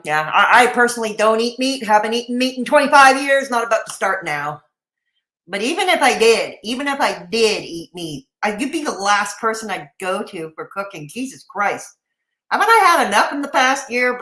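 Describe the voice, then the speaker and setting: A woman's voice: on the high side, sharp tone, roomy sound, poor audio. A woman hosting a reaction stream, talking back to a clip with sarcastic, profane asides and chatting with viewers. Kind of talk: casual reaction commentary.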